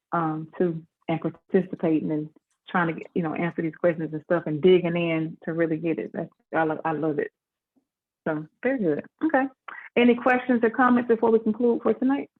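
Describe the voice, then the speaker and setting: A woman leading a Bible class over a video call, talking in a folksy, conversational way with a relaxed dialect. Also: fairly low pitch, brisk. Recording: tinny phone-like video call audio.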